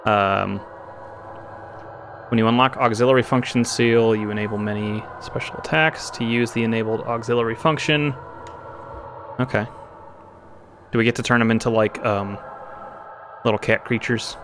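A man's voice: medium pitch, fairly even intonation, normal speed, long pauses, fairly bright tone, a little hiss or hum. Chatty male streamer reading game text aloud. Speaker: let's play streamer. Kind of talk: casual gameplay commentary.

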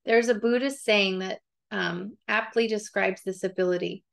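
A woman's voice: medium pitch, steady tone, normal speed, vocal fry. A woman reading a book chapter aloud for a book club, breaking off into chatty, digressive asides and frequent laughs.

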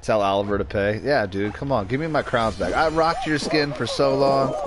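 A man's voice: mid-range voice, moderate pace, few pauses, background noise. A young man giving casual, joking commentary while streaming a game, rambling and snapping at teammates now and then.

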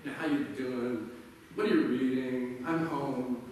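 A man's voice: medium pitch, steady tone, measured pace, a little mellow, slight background noise. A man preaching a sermon as pastor, telling stories with a conversational, self-deprecating humor. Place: church sanctuary. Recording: echoey church hall from far off.

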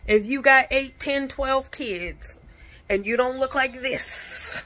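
A woman's voice: high voice, slow, sharp tone. A woman chatting bluntly in a casual home vlog from her kitchen, swearing freely and talking with her lips barely open. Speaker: vlogger.

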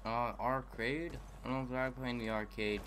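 A man's voice: medium pitch, fairly even intonation, moderate pace, background noise. A young man casually commenting while playing a game, laid-back and self-mocking, calling people bro. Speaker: gaming youtuber. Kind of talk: casual let's-play commentary.

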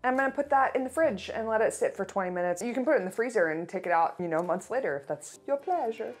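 A woman's voice: fairly high pitch, animated, fast. A woman, hosting a casual baking tutorial, chatty and playful with jokey asides. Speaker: host of a baking show.

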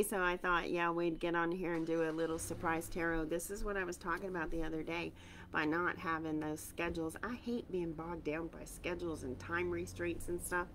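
A woman with a low, husky-edged register runs a casual live tarot reading. She chats with viewers, fills pauses with ums, and fights a tickled throat. Her tone is warm and informal. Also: slight background noise. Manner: chatty, greets viewers by name, frequent ums. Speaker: tarot reader.

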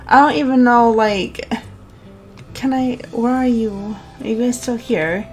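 A woman hosting a let's-play of a cozy farm game, chatting casually, bubbly, giggly and easily excited. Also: on the high side, measured pace, faint music behind. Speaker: gaming channel host.

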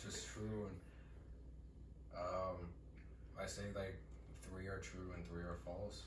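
Man, game show contestant, puzzled and questioning, low voice, faint noise, far-off recording. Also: level tone, slow. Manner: puzzled, questioning, laughs often. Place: live show in a roomy venue. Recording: echoey room, mic far off.

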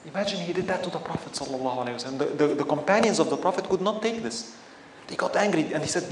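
A man delivering a religious lecture with a fairly high voice, animated and full of rhetorical questions. The sound carries a clear echo from the room, with faint ambient noise underneath. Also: fast talker. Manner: animated, asks the audience frequent rhetorical questions. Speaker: Islamic teacher.

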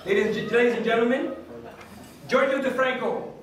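A man acting as master of ceremonies, casually introducing the next speaker in a halting way with fillers. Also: extremely high pitch, steady tone, noisy background. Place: restaurant dining room at a club event. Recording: very echoey room, distant mic, crowd and dishes.

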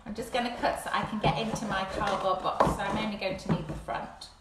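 A woman leading a live craft session for young children at home, talking gently and encouragingly. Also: mid-range voice, steady tone, fast talker, heavy background noise. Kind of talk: live-streamed play-along craft session. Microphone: phone camera. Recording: echoey room at home.

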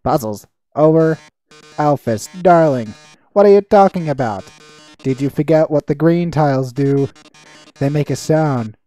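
A gamer voicing a flamboyant male robot TV star, reading the game's lines in a drawn-out, melodramatic way. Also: medium pitch, dark tone, soft background music, lightly acted. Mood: gloating. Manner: melodramatic, drawn-out theatrical delivery. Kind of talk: reading game dialogue aloud in voices.

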